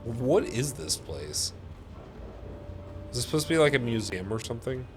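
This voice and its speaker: A man's voice: medium pitch, big pitch swings, normal speed, music in the background. A tired man giving casual gameplay commentary in a laid-back, swearing way. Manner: laid-back, sleepy, laughs easily, swears. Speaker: gameplay streamer.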